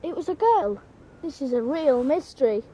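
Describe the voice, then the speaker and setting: A man's voice: very high voice, lively intonation, moderate pace, dark tone, lo-fi sound, a little hiss or hum, pitched above the performer's own voice. A man voicing an older boy who is bold and speaks earnestly. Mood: serious. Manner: earnest, serious.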